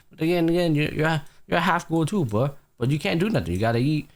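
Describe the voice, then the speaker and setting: A man's voice: on the high side, quick pace, few pauses. Guy on an anime podcast hyping up episodes, cussing a lot, doing the characters' lines. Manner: animated storytelling, heavy swearing, acts out characters. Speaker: podcast host. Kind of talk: casual anime podcast chat.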